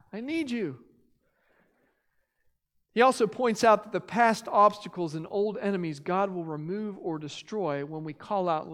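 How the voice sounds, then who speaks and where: A pastor in his thirties preaching a sermon and reading scripture, earnest, his loudness rising and falling. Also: high voice, big-room sound.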